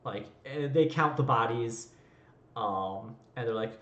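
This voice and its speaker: A man's voice: medium pitch, slow, a bit bright, roomy sound, dull audio. A man running a tabletop game as game master, narrating in a loose, rambling way.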